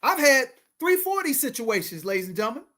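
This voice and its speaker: A man in his forties hosting a casual talk show, telling a story in an animated way and acting out the people in it. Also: extremely high pitch, fast. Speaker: host.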